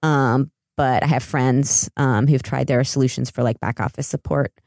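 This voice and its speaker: Deep-voiced American woman, chatty guest. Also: moderate pace, dry recording, studio quality. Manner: relaxed, chatty, frequent ums. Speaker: education consultant guest. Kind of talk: casual interview chat.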